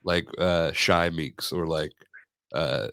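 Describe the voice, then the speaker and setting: A man's voice: very deep voice, slow pace, creaky, a bit bright, no echo. A young man hosting a podcast, chatting casually in a rambling, joking way. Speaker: podcast host. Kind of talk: casual chat.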